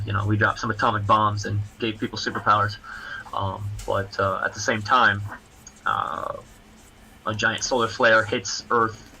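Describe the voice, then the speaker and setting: A man, a comic book creator guesting on a livestream, chatting casually in halting, rambling explanations. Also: lowish voice, gravelly, pushed and bright, low-quality recording.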